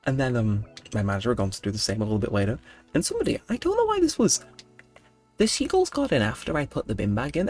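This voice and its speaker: Young guy yapping over a late night game, mid pitch, bit of music in the back. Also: huge pitch swings, fairly quick, a little mellow. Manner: rambling storyteller, mock-indignant outbursts. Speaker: gaming channel host. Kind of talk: late-night gameplay commentary.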